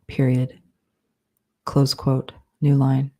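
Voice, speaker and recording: A woman with a low, mellow voice dictates her novel at an unhurried pace. She reads out every punctuation mark in a flat, even tone. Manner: speaks punctuation marks aloud, measured and deliberate. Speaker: author.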